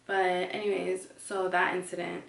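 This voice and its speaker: A woman's voice: on the low side, little pitch movement, normal speed, gravelly, roomy sound, distant mic. A woman vlogger ranting casually to camera, chatty and blunt, filling her talk with "like". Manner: chatty, heavy use of "like", blunt and indignant.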